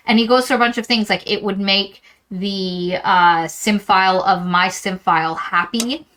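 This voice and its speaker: A woman co-hosting a book podcast, recapping a novel in a rambling, animated way and acting out quotes from it. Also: medium pitch, normal speed, low-quality recording. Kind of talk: casual book discussion.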